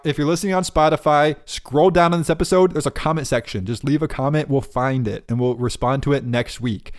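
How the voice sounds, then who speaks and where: A young man co-hosting a podcast, bantering casually and joking around. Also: medium pitch. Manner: joking, playful. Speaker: podcast co-host.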